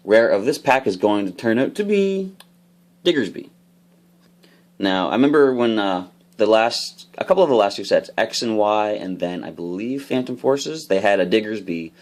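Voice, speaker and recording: A man casually opening trading card packs, explaining each card's rules with bursts of excitement. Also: on the low side, normal speed. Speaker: card unboxing host. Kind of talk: casual unboxing commentary.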